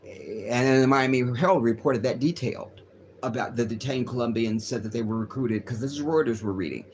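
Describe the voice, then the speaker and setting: A man's voice: medium pitch, brisk, slight background noise. A man hosting a casual livestream, reading news aloud and riffing on it in a rambling, profane way. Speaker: livestream host.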